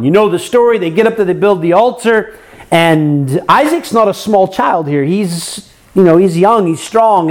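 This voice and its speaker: A man's voice: on the high side, a little mellow. A man preaching a sermon, earnest, asking the congregation rhetorical questions and acting out their complaints.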